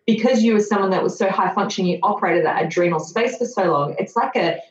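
This woman in her thirties talks at a quick pace in a mid-range voice, appearing as a podcast guest who candidly recounts her own story. Earnest and reflective, she flashes self-mocking sarcasm at times. The audio is dull, roomy, and lo-fi.

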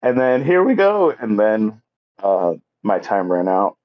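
A man's voice: fairly low pitch, sing-song, measured pace, lo-fi sound. A man on a podcast casually recapping a movie plot, rambling with lots of fillers and acting out the characters' lines. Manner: rambling, filler-heavy retelling with acted-out quotes. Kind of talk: casual chat.

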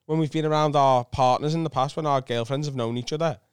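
A man's voice: medium pitch, fairly even intonation, smooth, dry recording, studio quality. A young British man, a podcast guest, telling funny stories in casual banter. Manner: storytelling, quick banter with laughs. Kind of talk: casual comedic chat.

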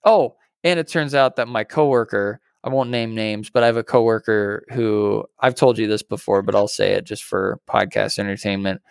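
Animated male podcaster telling a story. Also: lowish voice, normal speed, gravelly, hardly any pauses, clear, resonant tone, no echo, studio quality. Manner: animated storyteller, acts out quoted voices, swears casually. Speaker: podcast co-host. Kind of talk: casual storytelling chat.

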